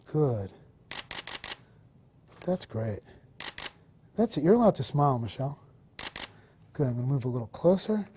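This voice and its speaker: A man teaches wedding photography on location, moving around a hotel interior as he directs his subject and explains to viewers. His medium-pitched, warm voice swings widely in pitch, unhurried and full of pauses, with slight background noise. He coaches encouragingly, turning between camera and subject.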